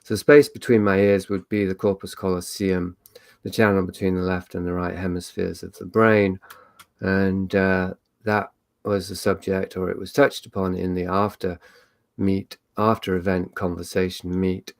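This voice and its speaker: Low-pitched with little pitch movement, a man from England talks at a normal speed, with no room sound. As host of a live online meet, his casual solo talk is reflective and meandering, full of fillers and restarts.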